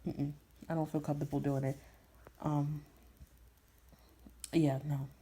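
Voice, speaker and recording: A woman's voice: deep voice, little pitch movement, measured pace, mellow, husky. A young woman from Brooklyn, telling a rambling casual story full of slang, repetitions and little laughs. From Brooklyn, New York. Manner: rambling, repeats herself, frequent laughs and slang. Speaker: voice impression creator.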